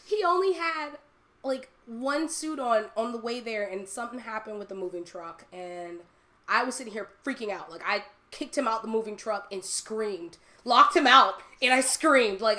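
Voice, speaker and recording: A woman talking casually and candidly as a live streamer, telling animated personal stories and laughing often. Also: fairly high pitch, moderate pace. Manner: candid and confiding.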